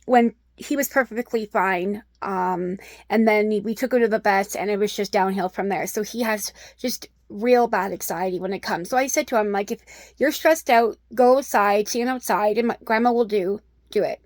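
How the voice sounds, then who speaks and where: A woman's voice: medium pitch, normal speed, darkish tone, no echo, clean studio sound. A middle-aged woman telling an upsetting personal story in a vlog, rambling with many ums. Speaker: vlogger.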